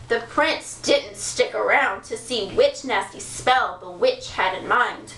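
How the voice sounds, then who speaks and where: A woman reading a children's story aloud with playful, expressive narration. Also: fairly high pitch, takes it slowly, few pauses, slight background noise. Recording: echoey room from far off.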